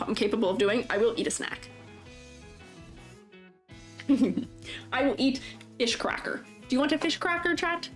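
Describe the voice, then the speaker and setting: A fairly high-voiced woman streaming live, with a lively voice that bounces up and down as she chats. She giggles often and teases her chat playfully. Soft music plays faintly behind her. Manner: giggly, chatty, reads viewer comments aloud. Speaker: streamer reviewing avatar designs. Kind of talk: casual live-stream chat while drawing. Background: faint background music.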